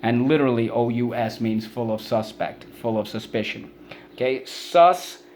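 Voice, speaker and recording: A man teaching a spelling and vocabulary lesson for children, sounding out words slowly and prompting listeners to repeat them. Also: mid-range voice, level tone, darkish tone, a little hiss or hum.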